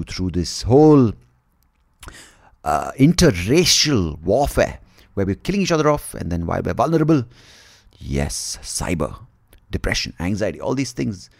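A man's voice: on the low side, creaky, a little mellow, no room sound, clean studio sound. A man hosting a solo podcast, rambling through wild theories in a jokey, profane way and slipping into mock-dramatic narration. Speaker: podcast host.

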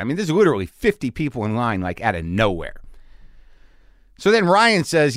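A man hosting a podcast, telling a story in a casual, animated way and acting out the people in it. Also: medium pitch, fast talker, no echo, clean studio sound. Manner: animated, acts out the people in his stories. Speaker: podcast host. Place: home garage studio.

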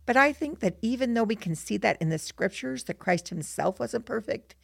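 A middle-aged woman co-hosting a casual scripture-lesson chat, telling stories with animation and reciting a poem in a measured way. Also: on the high side, vocal fry, no room sound, studio quality. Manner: animated storyteller who reads a poem with steady, measured delivery. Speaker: podcast co-host.

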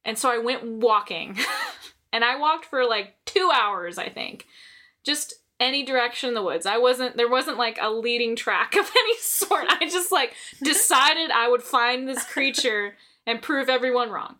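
A woman's voice: on the high side, lively intonation, measured pace, sharp tone. A young woman telling a story in casual podcast chat, swearing and laughing often.

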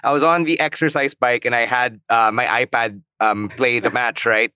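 A man with a Filipino accent co-hosting a podcast, an animated storyteller who switches between Tagalog and English. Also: mid-range voice, normal speed, clear, resonant tone, no echo. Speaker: podcast co-host. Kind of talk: casual podcast chat.

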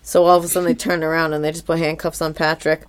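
Animated, cursing woman podcast host. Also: sits low, fast. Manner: animated storytelling, swears freely. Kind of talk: casual chat recapping a cartoon.

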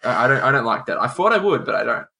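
Husky man rambling playfully. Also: medium pitch, big pitch swings, very fast, pushed and bright. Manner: rambling, lots of fillers, playful. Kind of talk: casual chat with friends.

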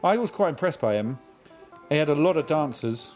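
A man's voice: on the high side, animated, brisk, darkish tone, soft background music. A man hosting a casual chat, asking questions in a dry, teasing way, recorded from his own home. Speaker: host.

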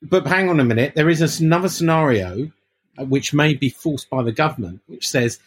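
A man's voice: a little high, fairly quick, slight background noise. A man co-hosting a casual football podcast, stammering and restarting as he explains a point. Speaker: podcast co-host. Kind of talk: casual chat.

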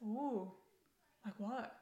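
Drawing out her words in a slightly high, dark voice, a young podcast guest talks in a relaxed, reflective way, laughing readily and frequently saying things twice. The room sounds echoey.

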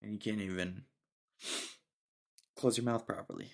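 A man's voice: fairly low pitch, steady tone, moderate pace, gravelly. A young man hosting a casual solo podcast, ranting sarcastically and laughing often. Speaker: podcast host.

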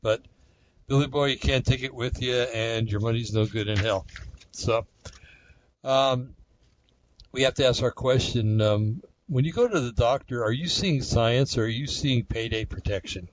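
A man's voice: mid-range voice, normal speed, dull audio. A man hosting a casual solo talk show, rambling conversationally with many fillers and restarts. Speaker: podcast host.

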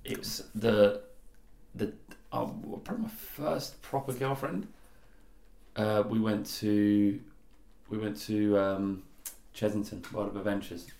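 A man from England co-hosting a casual podcast, chatting enthusiastically and jumping up in pitch when excited. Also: takes it slowly, gravelly, long pauses, reverberant. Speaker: podcast co-host. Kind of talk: casual chat.

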